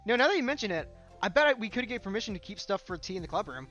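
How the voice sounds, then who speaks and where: A man's voice: high voice, big pitch swings, racing, sharp tone, highs cut off, faint music behind, full character voice. A man voicing a confident, friendly teenage girl who leads a school club, upbeat and reassuring.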